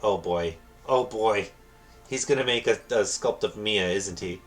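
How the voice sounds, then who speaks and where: A man's voice: fairly low pitch, a little slow. Wry man commenting on a game. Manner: wry, amused asides. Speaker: let's player. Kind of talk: game commentary reading aloud. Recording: game music behind.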